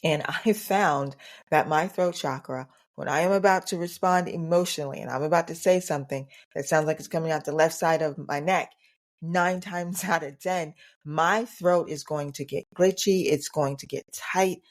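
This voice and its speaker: A woman's voice: low voice, moderate pace. Earnest woman podcast host. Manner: earnest, repeats phrases for emphasis. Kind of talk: solo podcast monologue.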